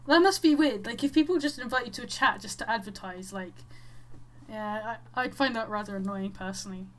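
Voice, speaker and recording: A woman's voice: fairly high pitch, a little fast, a bit bright. A woman on an online voice call, chatting casually and laughing often. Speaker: co-host on the stream. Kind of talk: casual chat.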